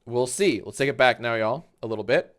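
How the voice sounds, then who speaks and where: A man streaming live and reacting to a clip, talking in a halting, rambling way with sudden swearing outbursts. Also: mid-range voice.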